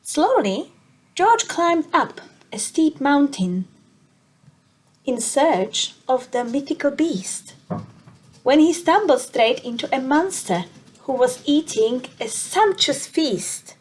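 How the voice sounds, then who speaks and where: Expressive high-voiced woman storyteller. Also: takes it slowly. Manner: expressive, sing-song. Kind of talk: children's storybook read-aloud.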